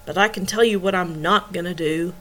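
A woman's voice: fairly low pitch, brisk, a bit bright, a little hiss or hum, close to an everyday voice, rough recording. Woman reading a furious woman attorney. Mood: restrained fury. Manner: restrained rage.

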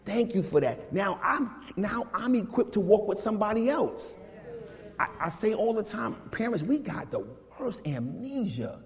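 A man preaching a casual, lively sermon, animated and full of slang, talking to his congregation like old friends. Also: sits high, normal speed. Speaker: pastor. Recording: long hall reverb.

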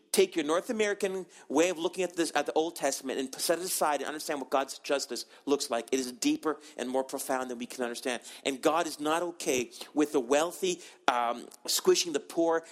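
A man preaching a sermon, earnest and emphatic, with frequent restarts. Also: on the high side. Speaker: pastor.

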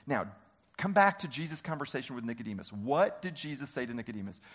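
A man preaching a sermon, animated and often asking the congregation questions. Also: medium pitch, fast. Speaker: pastor.

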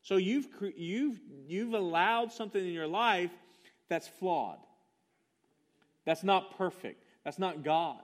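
A man delivers a sermon in a high, light voice. He preaches with emphatic fervor, stressing each point. He pushes rhetorical questions at the congregation. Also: expressive, slow. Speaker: pastor.

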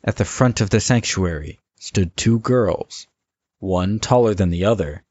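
A man giving steady, scripted story narration. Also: fairly low pitch, unhurried, breathy edge. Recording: dull lo-fi recording.

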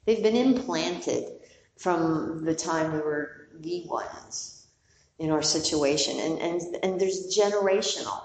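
A woman's voice: deep voice, slow pace. Candid woman giving a dharma talk. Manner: warm, candid, digressive, with mild swearing. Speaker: meditation teacher. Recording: roomy hall from a distance, faint noise.

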